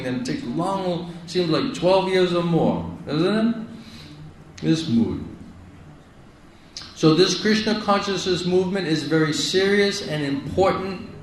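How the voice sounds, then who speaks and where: A man's voice: on the high side, a little hiss or hum. A man giving a devotional lecture, emphatic and repetitive, often asking "isn't it?". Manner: emphatic, repeats phrases, asks "isn't it?". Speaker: spiritual teacher. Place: lecture hall in India. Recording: echoey hall, heard from a distance.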